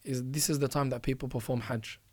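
A man's voice: mid-range voice, steady tone, brisk, no room sound. A man hosting a religious advice talk, earnestly urging listeners and repeating phrases for emphasis. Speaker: podcast host.

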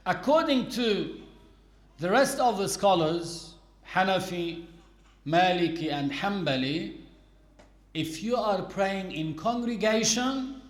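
Slow, high-voiced man teaching. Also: roomy sound. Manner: patient, explanatory, repeats key points. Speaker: Islamic teacher. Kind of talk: religious lesson.

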